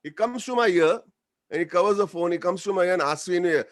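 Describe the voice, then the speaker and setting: An Indian man talks to a webinar over a video call. His voice sits fairly high for a man. He mixes light jokes with earnest gratitude and moves freely between English and Hindi. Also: fast. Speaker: guest speaker, actor. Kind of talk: informal webinar speech.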